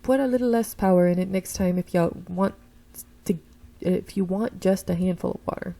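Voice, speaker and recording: Woman voicing a quirky male magic teacher from a story game, exaggerated odd drawl pitched a touch low, gravelly edge. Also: moderate pace, warm tone. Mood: cheery. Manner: theatrical, exaggerated odd accent.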